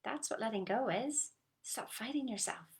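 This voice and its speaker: A woman coaching listeners on a group call in an earnest, coaxing manner, often dropping to a soft whisper and checking in with short questions. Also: on the high side, animated, normal speed. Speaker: motivational coach. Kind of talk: motivational talk on a group call.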